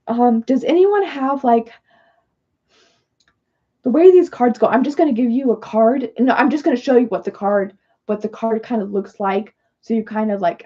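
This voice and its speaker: Her voice is warm and medium-pitched, captured with lo-fi sound, as this woman hosts a casual livestream of oracle card readings. She rambles and apologizes as she chats her way through the cards.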